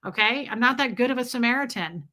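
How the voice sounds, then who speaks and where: A woman's voice: a little high, quick pace. A woman hosting a casual livestream, ranting and telling stories with lots of swearing and talking straight to her chat. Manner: animated, profane storytelling; talks to chat directly. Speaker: livestream host.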